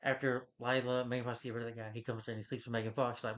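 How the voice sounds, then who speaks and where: Male reviewer, average pitch, rambling casual recap rant, muffled lo-fi sound. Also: little pitch movement, very fast, hardly any pauses, fairly bright tone. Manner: rambling, loose retelling full of "he's like". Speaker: movie reviewer. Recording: dull lo-fi recording.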